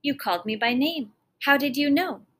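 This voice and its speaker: A woman's voice: sits high, lively intonation, moderate pace, fairly bright tone, slight background noise. A woman reading an eager young prince. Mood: puzzled.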